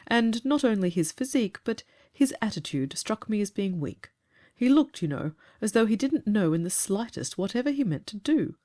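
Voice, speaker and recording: A woman voicing a calm, earnest grown man who tells of catching a ghost, in a storybook reading. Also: medium pitch. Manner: measured, earnest, slightly aggrieved.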